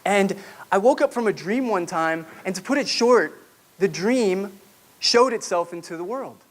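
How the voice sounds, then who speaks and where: A man's voice: high voice, animated, measured pace. A man giving a personal testimony talk at a podium to a live audience, telling his story reflectively and now and then asking the audience questions. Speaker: public speaker. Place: room with an audience, speaking at a podium.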